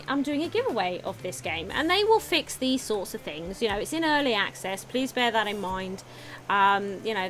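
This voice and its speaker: A woman's voice: mid-range voice, fairly bright tone. A woman giving casual, chatty commentary while streaming a management game, often giggling and talking to her viewers.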